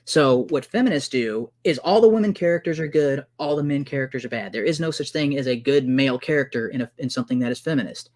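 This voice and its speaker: A man in a heated online debate, talking fast over the other man with exasperated outbursts and insults. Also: medium pitch, expressive. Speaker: debater defending the trailer.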